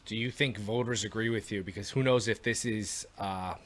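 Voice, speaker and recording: A man hosting a casual sports podcast, asking questions in a measured way and hedging his claims. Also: fairly low pitch, fairly even intonation, fairly bright tone. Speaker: podcast host.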